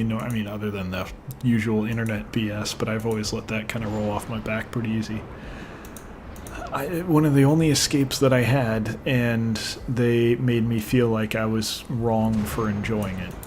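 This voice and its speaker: A man's voice: on the low side, noisy background. A young man giving let's play commentary, frustrated and swearing, rambling off into personal asides. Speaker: gaming channel host.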